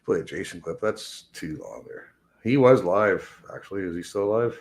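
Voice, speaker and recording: A man's voice: deep voice, expressive, normal speed. Mumbling, cussing man reacting to clips. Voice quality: slightly mumbled speech. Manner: swears constantly, laughs, mumbles. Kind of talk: casual profane commentary.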